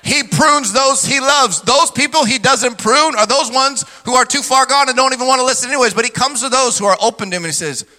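A man's voice: very high-pitched, a little fast, few pauses, pushed and bright. A male pastor preaching a sermon energetically, mimicking skeptics in mocking voices. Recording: long hall reverb.

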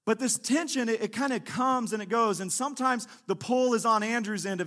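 A male pastor preaching a conversational sermon in a church service, acting out quick quotes and dropping to a hushed tone for prayer. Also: sits high. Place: church sanctuary during a service.

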